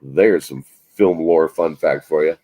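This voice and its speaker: A man's voice: very deep voice, measured pace, mellow, no echo. A man hosting a casual live stream, rambling and swearing as he chats about movies. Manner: rambling, profane, self-mocking. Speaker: livestream host.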